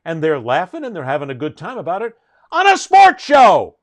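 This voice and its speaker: Animated, emphatic male show host. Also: a little high, brisk. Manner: emphatic storyteller, indignant. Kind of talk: casual panel chat.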